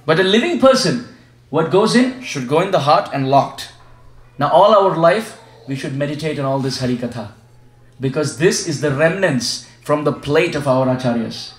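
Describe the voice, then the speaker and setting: A man's voice: fairly high pitch, lively intonation, moderate pace. A man giving a devotional sermon at a home gathering, asking the audience questions and leading them in repeating chants. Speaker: visiting spiritual teacher. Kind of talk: devotional sermon with call-and-response. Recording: echoey room sound.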